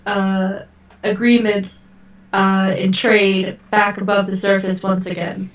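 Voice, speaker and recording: Woman doing a humble adventurer envoy, formal and halting, slow delivery, echoey room, voice set back from the mic. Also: mid-range voice, flat delivery, recorded from a distance, a little hiss or hum, lightly acted. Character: humble female adventurer envoy addressing a king.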